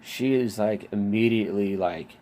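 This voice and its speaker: A man's voice: fairly low pitch, normal speed, dark tone, a little hiss or hum. A man telling a personal story in a rambling, casual way, with many fillers, restarts and swearing. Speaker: vlogger.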